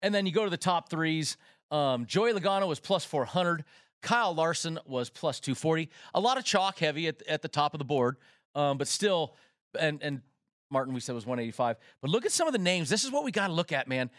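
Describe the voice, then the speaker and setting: A man co-hosting a sports betting show, running through odds and drivers in an excitable, rapid way from a studio. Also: a little high, no echo. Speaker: co-host.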